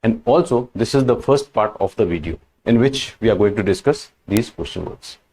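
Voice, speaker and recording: A man teaching French question words in a slow, patient lesson, repeating each word and example. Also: on the low side, animated, darkish tone. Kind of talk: language lesson.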